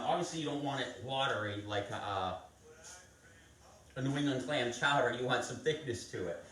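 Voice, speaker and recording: A man's voice: fairly high pitch, sharp tone. Chatty male chef, echoey kitchen. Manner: chatty, talks viewers through each step. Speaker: chef hosting a live cooking stream. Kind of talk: casual cooking demonstration. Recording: echoey kitchen, mic at a distance.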